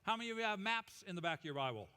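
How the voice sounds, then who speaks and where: A male pastor preaching an animated, humorous sermon and leading the congregation in call-and-response. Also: sits high, rapid-fire, clear, resonant tone. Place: church auditorium. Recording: reverberant church hall.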